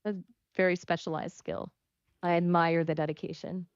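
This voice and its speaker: Polite AI woman's voice, low and dull. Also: flat delivery, clean tone, dry recording. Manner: polite, measured, slightly formal. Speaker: AI chat companion. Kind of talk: conversational AI reply. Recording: dull, lo-fi sound.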